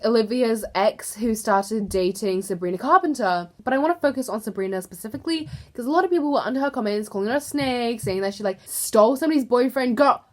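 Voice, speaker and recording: A young woman YouTuber gossiping casually to camera, chatty and filler-heavy, with exasperated asides. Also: medium pitch.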